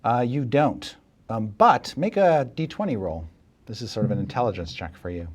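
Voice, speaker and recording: A man serving as dungeon master, narrating a tabletop game in a relaxed, chuckling way with many fillers. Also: medium pitch, normal speed.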